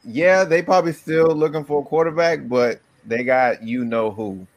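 A man's voice: a little high, moderate pace, no room sound. A man on a casual sports talk show, laid-back, dropping dry asides.

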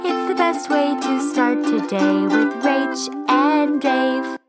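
A woman's voice: sits high, takes it slowly, over loud music. A woman singing a playful intro for a home morning show. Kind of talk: sung intro with ukulele. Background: loud ukulele.

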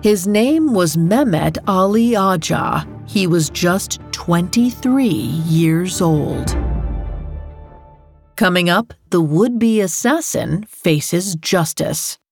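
A woman hosting a podcast, giving scripted true crime narration in a measured, dramatic way. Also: on the low side, lively intonation, creaky, a little mellow, faint music behind. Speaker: podcast host.

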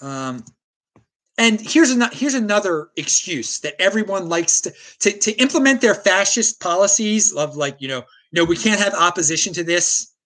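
A man's voice: sits high, expressive, normal speed, bright, forceful tone. A man hosting a livestream, ranting heatedly and often restarting his sentences as he reacts to viewer chat. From United States. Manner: heated, combative, with frequent stammered restarts. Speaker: host.

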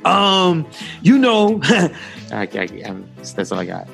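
A man co-hosting a podcast, animated and joking, who works as an actor. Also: on the high side, takes it slowly, gravelly, soft background music. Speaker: podcast co-host. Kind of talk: casual chat.

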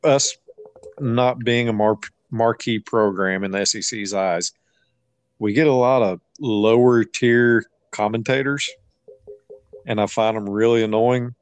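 Man, 30s, podcast host, slow halting delivery, low pitch, dry close sound. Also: steady tone, smooth. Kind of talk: casual sports podcast chat.

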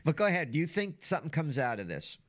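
A man hosting a sports talk show in casual chat, lively and emphatic. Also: fairly high pitch, quick pace.

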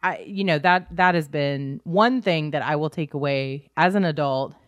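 Low-voiced woman podcast co-host. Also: moderate pace, dry recording, lo-fi sound. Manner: candid, self-deprecating, laughs often. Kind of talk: casual chat.

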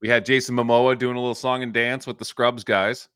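Bright-voiced middle-aged man on a podcast. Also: medium pitch, level tone, fairly quick, clean tone, no room sound, clean studio sound. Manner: swears casually, laughs mid-story. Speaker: podcast co-host. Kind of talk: casual chat.

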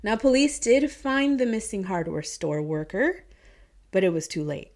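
A woman's voice: medium pitch, very animated, measured pace. A woman with a Midwestern accent blended with a Southern twang, telling a true-crime story in a chatty, casual way, swearing and laughing often. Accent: Midwestern American with a Southern twang.

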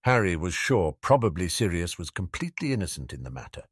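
A man narrating a fan-fiction audiobook in a wry, lively storytelling manner. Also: low-pitched, fast talker, few pauses, husky, dry recording. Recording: dry close recording with faint music.

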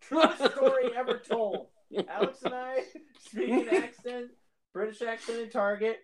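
A man's voice: very high-pitched, steady tone, measured pace, a loud crowd. A man co-hosting a casual podcast, telling stories and laughing often. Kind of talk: casual chat.

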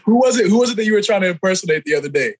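A man's voice: high voice, animated, racing. A man co-hosting a podcast, chatting casually and teasing his friends with lots of laughter. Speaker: podcast co-host. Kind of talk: casual chat.

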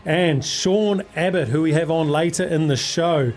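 A man's voice: on the high side, unhurried, darkish tone. A man hosting a radio sports quiz, chummy and upbeat, calling callers mate. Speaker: radio sports show host.

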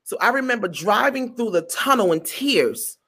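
A woman comedian telling a story in an interview, animated, acting out quotes and stumbling over repeated words. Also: fairly high pitch, moderate pace, breathy edge. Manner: animated, acts out quotes in other voices.

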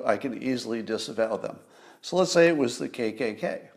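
A man, hosting a casual livestream monologue from home and chatting with his viewers as he muses. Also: medium pitch. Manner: conversational, musing, talks to live viewers. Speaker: podcast host. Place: home, near a window.

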